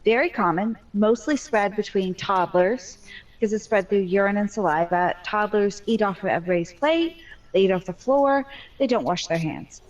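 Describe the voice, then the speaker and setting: A woman's voice: mid-range voice, animated, moderate pace, lo-fi sound. A mother telling her story in a casual voice chat, candid and talkative with a joking streak.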